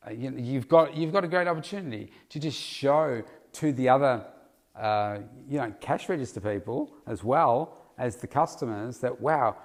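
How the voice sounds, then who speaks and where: A man's voice: mid-range voice, moderate pace. A man hosting a solo podcast, talking in a casual, rambling way with lots of fillers and restarts. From Australia. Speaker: podcast host, health coach.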